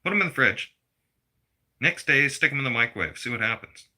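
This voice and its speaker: A man's voice: mid-range voice, animated, fairly quick, sharp tone. A middle-aged man delivering a blunt, profane personal rant to his viewers. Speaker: vlogger.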